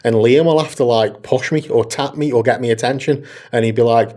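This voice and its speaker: A man's voice: mid-range voice, fairly quick. A man co-hosting a casual podcast, telling stories with plenty of swearing and laughter. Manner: animated storyteller, laughs often, swears freely. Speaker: podcast co-host. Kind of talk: casual chat.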